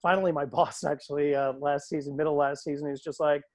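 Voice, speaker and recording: Animated male PA announcer, dry sound. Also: a little high, quick pace, no room sound. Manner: animated, acts out quoted voices. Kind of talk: casual storytelling on a video call. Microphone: video call.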